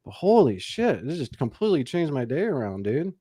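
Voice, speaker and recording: A man in his forties with a mid-pitched voice chats casually on a podcast. He swears freely and tells his stories with animated energy. The sound is dry and close. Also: a little fast, husky, no echo. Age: 40s. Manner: profane, animated storytelling. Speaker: podcast co-host.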